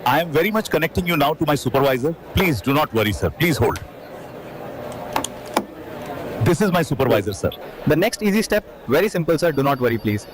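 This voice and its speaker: A man's voice: fairly high pitch, big pitch swings, fast. Man putting on an Indian call-center scammer. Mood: soothing. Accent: put-on Indian. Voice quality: broken grammar, repeated "sir". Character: frantic male call-center scammer, pushy. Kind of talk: comedy sketch clip. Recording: clip with loud music and crowd noise.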